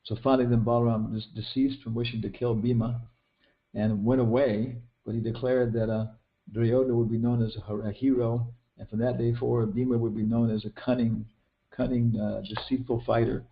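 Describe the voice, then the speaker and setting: A man's voice: mid-range voice, level tone, a little fast, gravelly. Rambling older man telling an epic story. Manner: rambling, many restarts and fillers, retells film scenes with quoted lines. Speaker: teacher giving a scripture class. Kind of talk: casual scripture class storytelling. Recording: dull lo-fi recording.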